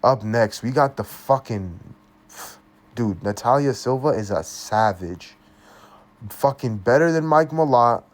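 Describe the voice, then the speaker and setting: A man's voice: mid-range voice, lively intonation, unhurried. A young man giving a casual, blunt fight review, swearing constantly and talking in loose slang. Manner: blunt, heavily profane, slangy. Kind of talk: casual commentary.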